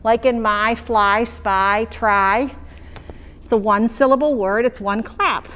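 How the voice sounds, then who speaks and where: A woman's voice: a little high, fairly even intonation, slow pace, a bit bright. Woman talking teachers through phonics. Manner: conversational, checks in with "okay?". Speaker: teacher trainer. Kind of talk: explaining classroom phonics practice.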